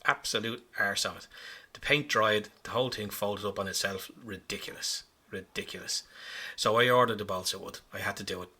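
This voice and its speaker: Bright, husky-voiced man narrating his hobby. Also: fairly low pitch, brisk. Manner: chatty, self-mocking, rambling. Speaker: hobby vlogger. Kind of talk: casual voice-over narration.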